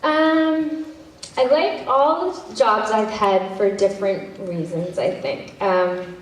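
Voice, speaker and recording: A woman's voice: medium pitch, takes it slowly. A woman, an actress and director, answering fan questions at a convention panel in a chatty, self-interrupting way with easy laughs. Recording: echoey hall from far off, faint noise.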